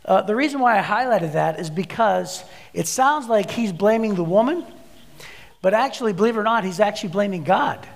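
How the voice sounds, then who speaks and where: A man's voice: high voice, expressive, fairly quick, vocal fry. A man preaching a sermon as a pastor, telling stories and acting out the voices in his anecdotes. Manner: storytelling, acts out voices in anecdotes. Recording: long hall reverb.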